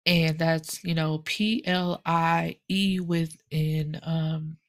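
A young woman chatting casually about a book she read, telling the story in a sassy, animated way with lots of asides. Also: sits low, slow. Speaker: book reviewer. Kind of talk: casual book review chat.

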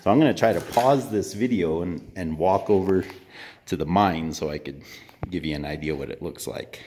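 Chatty middle-aged man, slightly low voice. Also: normal speed, dark tone, slight background noise. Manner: rambling, restarts often, chuckles. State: out of breath. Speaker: vlogger. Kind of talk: casual vlog narration. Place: outdoors near a mine, walking.

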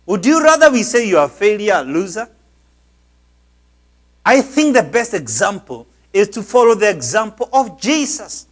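A man's voice: high voice, fairly bright tone. A man preaching a sermon as a pastor, exhorting his listeners with emphatic, insistent delivery.

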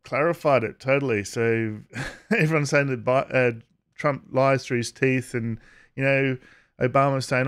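A man giving casual vlog commentary, halting with frequent uhs and restarts and chuckling as he talks. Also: mid-range voice, fairly even intonation, clean tone. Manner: chuckles while talking. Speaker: YouTube commentator.

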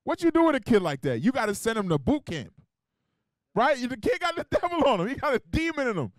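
A man's voice: very high voice, big pitch swings, fast, no echo. A man teaching as an officer in a sermon, emphatic and colloquial, calling out verses for a reader. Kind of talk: street-style teaching sermon.

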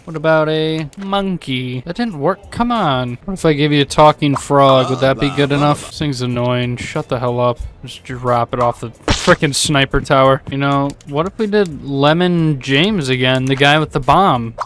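A man giving casual, sarcastic commentary over gameplay, swearing often and breaking into loud outbursts. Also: medium pitch, moderate pace, few pauses, noisy background. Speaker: let's play gamer.

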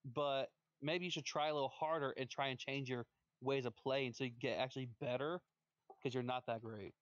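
A man's voice: mid-range voice, fairly even intonation, a little fast, no room sound. Scornful man with dull, dry audio. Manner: scornful, taunting, repeats his insults. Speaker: gamer on a stream voice chat. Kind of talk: trash talk between matches.

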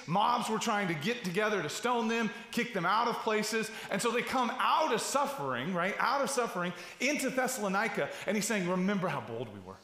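A middle-aged man preaches a sermon in a high, bright, forceful voice. He talks in a loose, conversational way, full of asides, restarts and rhetorical questions. The recording is roomy, with the long echo of a large church hall. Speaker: pastor.

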